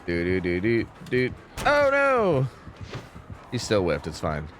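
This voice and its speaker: Animated, jokey male game streamer. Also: sits low, moderate pace, faint music behind. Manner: exasperated, jokey, rambling asides to chat. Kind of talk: casual gameplay commentary.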